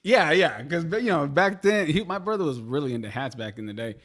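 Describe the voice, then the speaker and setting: A young man on a podcast, telling rowdy stories from his childhood. His voice swings widely up and down, and his delivery is loose, profane and full of laughter. It is relaxed, casual chat between friends. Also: on the high side, a little fast. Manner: profane storytelling, animated, laughs often. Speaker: podcast co-host.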